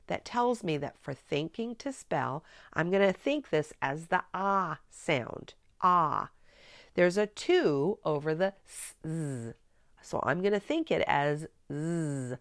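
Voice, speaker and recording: A middle-aged woman teaching a spelling method, explaining clearly and coaching a student step by step. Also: on the low side, no room sound. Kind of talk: instructional demonstration.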